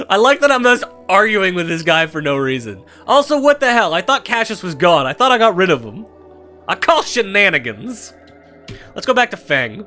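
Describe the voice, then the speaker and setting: A young man giving irreverent let's-play commentary, animated and swearing freely. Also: high voice, brisk, soft background music. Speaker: gameplay commentator.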